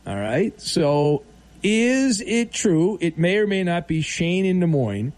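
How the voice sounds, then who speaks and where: A man's voice: high voice, very animated, slow, darkish tone. Playful male sports radio host. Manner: playful, teasing, mock-serious. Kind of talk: late-night sports radio banter.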